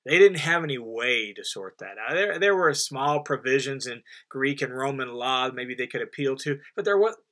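A man's voice: mid-range voice, animated, normal speed, few pauses, fairly bright tone. A man teaching through a Bible passage verse by verse in a conversational, emphatic way, often restarting and repeating phrases for stress. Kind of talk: unscripted Bible commentary.

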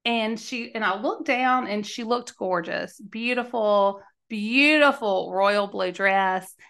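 A woman's voice: medium pitch, slow pace, a bit bright, clear, resonant tone. A woman, hosting a podcast and telling candid stories in a chatty, emphatic way. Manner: chatty, emphatic, laughs mid-sentence. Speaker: podcast host. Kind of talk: candid storytelling monologue.

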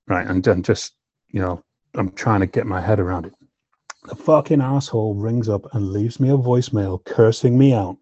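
Warm and low-leaning, the man's voice comes through with no room sound on a slightly dull, lo-fi recording. He's a filmmaker guest recounting his life openly and emotionally, often cursing and repeating "you know."

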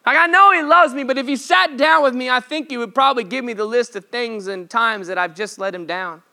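Male pastor, conversational sermon, high and bright voice. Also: fairly quick, vocal fry. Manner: conversational, playful, emphatic.

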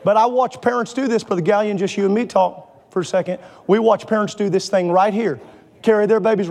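A pastor in his forties preaching a sermon to a congregation in church, passionate and building to shouts. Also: sits high, a little fast, a faint crowd. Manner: impassioned, builds to shouting, stretches key phrases. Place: church sanctuary before a congregation.

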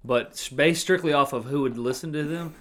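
A man's voice: fairly high pitch, a little fast, fairly bright tone. A young man co-hosting a podcast, rambling casually with a lot of filler words. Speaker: podcast co-host. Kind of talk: casual chat.

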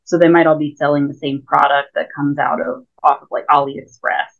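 A woman's voice: low voice, flat delivery, brisk, creaky. A woman guest on a remote interview, explaining things in a chatty way with lots of fillers. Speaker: guest, lightsaber school founder. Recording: tinny phone-like call audio.

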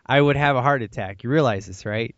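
A man co-hosting a casual movie podcast, animated and laughing often as he acts out quotes. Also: medium pitch, a little fast, no echo. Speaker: podcast co-host. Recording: dry, dull lo-fi sound.

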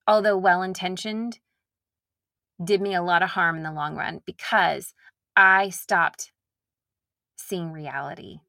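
A woman's voice: medium pitch, creaky, bright, forceful tone, no echo, clean studio sound. A woman from Nashville talking candidly and earnestly to her listeners in a casual, reflective monologue. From Nashville, Tennessee. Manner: slips into mocking impressions of herself.

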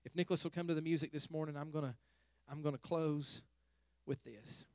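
A middle-aged male pastor preaching a sermon, telling a story softly and then rising to fervent exhortation. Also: fairly high pitch, fairly even intonation, fairly quick, no echo. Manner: storytelling, swings from hushed to fervent.

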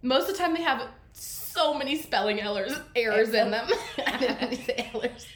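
A woman's voice: on the high side, lively intonation, normal speed. A woman co-hosting a casual podcast, rambling and giggling as she recaps and quotes characters. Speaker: podcast co-host. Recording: echoey room with faint noise.

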